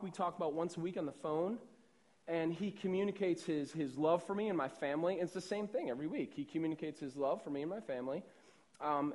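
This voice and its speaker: A man's voice: a little high, darkish tone. A young adult man preaching a sermon as a pastor, in a conversational way that often checks in with "right?" and repeats words.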